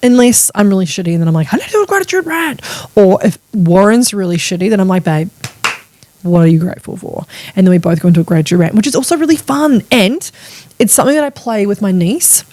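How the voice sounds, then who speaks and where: A woman, hosting a casual solo podcast, chatty and animated, swearing freely as she riffs. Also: medium pitch, fast. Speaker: podcast host.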